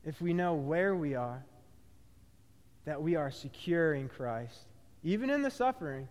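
High-voiced male preacher in a hall. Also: unhurried. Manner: animated preaching, swinging between loud bursts and quiet low phrases, frequent restarts. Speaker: pastor. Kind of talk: sermon.

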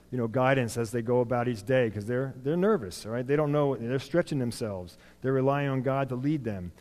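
A man's voice: medium pitch, a little mellow. A man giving an informal sermon in a church, plain and conversational, with frequent fillers and restarts. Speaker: lay preacher. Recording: long hall reverb.

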